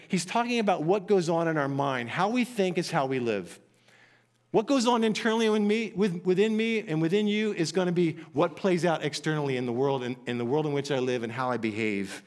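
A man preaching a sermon from scripture, earnest and emphatic, often repeating phrases. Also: sits high. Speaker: pastor.

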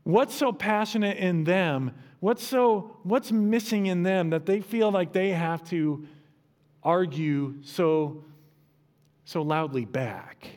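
A middle-aged pastor delivers a sermon in a fairly high voice. His tone stays conversational and casual. Now and then he pushes into emphatic peaks. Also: slow pace, a little mellow. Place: church.

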